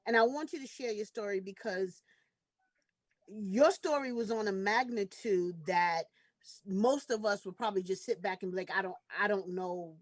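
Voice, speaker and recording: A woman hosting a casual conversation on a video call, talking in a relaxed way with lots of "you know". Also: medium pitch, moderate pace, no room sound. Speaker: host. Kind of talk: casual chat.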